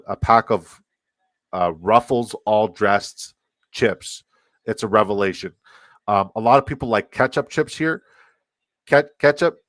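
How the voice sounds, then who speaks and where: A man's voice: medium pitch, a bit bright, dry recording. A man with a Canadian accent, hosting a live fantasy football stream, rambling and swearing as he reacts to chat.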